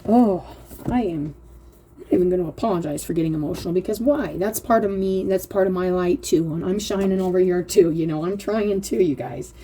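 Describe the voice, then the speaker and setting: A woman giving a casual spiritual card reading, earnest and heartfelt, reading card texts aloud slowly and often speaking straight to her viewers. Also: lowish voice, warm tone, a little hiss or hum. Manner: earnest, slow reading aloud, often addressing "you guys". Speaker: oracle card reader.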